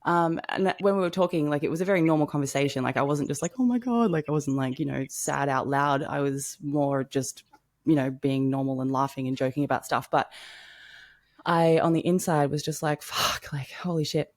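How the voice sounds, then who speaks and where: A woman's voice: deep voice, fairly even intonation, brisk, a little mellow. A young woman telling a personal story in a casual podcast chat, full of "like" and casual swearing. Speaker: podcast co-host.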